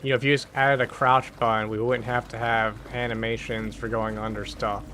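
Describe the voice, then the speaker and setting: A man's voice: medium pitch, flat delivery, a little fast, bright, forceful tone, slight background noise. A man streaming a horror game, muttering casual commentary and tossing sarcastic asides to the game and his chat. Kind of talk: casual let's-play commentary.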